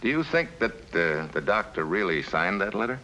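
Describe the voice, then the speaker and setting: An actor playing a tough, wry American agent who talks bluntly, on a muffled, hissy old soundtrack. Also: male voice, sits low, big pitch swings, moderate pace, bright, forceful tone, exaggerated voice. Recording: dull, faintly noisy old TV sound.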